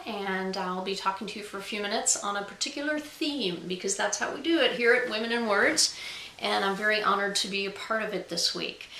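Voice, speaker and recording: A woman's voice: mid-range voice, bright, forceful tone, roomy sound, rough recording. A woman author talking casually straight to camera in a chatty, self-deprecating way, with frequent ums. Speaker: author and guest vlogger.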